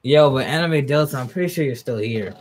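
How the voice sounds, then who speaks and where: A young man live-streaming a manga reaction, reading aloud, laughing often and talking to his chat. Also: a little fast. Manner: excitable, laughs often, jumps up in pitch when hyped.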